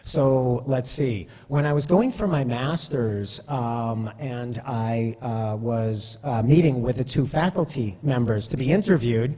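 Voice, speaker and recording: A man's voice: medium pitch, unhurried, hardly any pauses, dark tone. Chatty man talking in a reverberant hall. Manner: conversational, frequent fillers and "right?" asides. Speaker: speaker giving a talk. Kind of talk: storytelling presentation.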